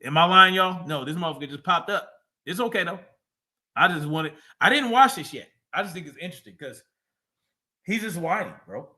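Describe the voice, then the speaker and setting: Guy ranting on his live stream, cussing and mocking, bright sharp voice. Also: fairly high pitch, a little fast. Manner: profane, mocking, excitable. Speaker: livestream host. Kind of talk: casual live reaction commentary.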